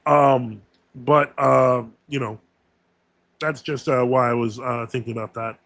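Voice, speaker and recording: A man's voice: mid-range voice, steady tone, measured pace, vocal fry, fairly bright tone, dry recording. A man hosting a casual live Q&A stream, talking in a rambling way with many fillers and self-corrections.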